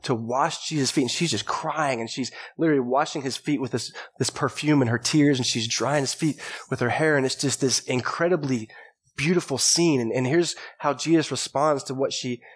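A male pastor giving a sermon, telling stories from the Bible in a relaxed, chatty way. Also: mid-range voice, normal speed, husky. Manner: conversational storytelling preaching. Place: church.

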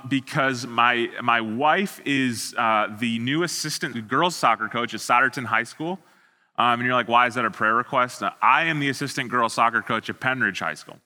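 A man preaches to an online congregation, loose and self-deprecating, often restarting his sentences. His voice is strikingly bright and forward. A long reverb from a large hall lingers behind every phrase. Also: mid-range voice. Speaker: student pastor. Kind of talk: online sermon.

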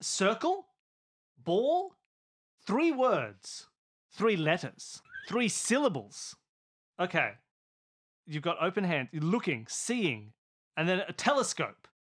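A man's voice: high voice, huge pitch swings, takes it slowly, long pauses, fairly bright tone. A man playing a tabletop game, thinking aloud and guessing, getting exasperated at the other players.

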